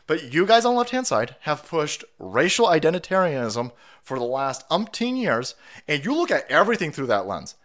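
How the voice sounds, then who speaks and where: Guy ranting on his stream, swears a lot, voice a bit high and swinging all over. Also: big pitch swings, normal speed, a bit bright. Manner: profane, heated, repetitive. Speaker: livestream host. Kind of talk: ranting political commentary.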